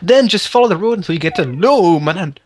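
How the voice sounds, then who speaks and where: A man voicing a gruff old wizard while reading out game directions. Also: sits high, expressive, fast talker. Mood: instructive.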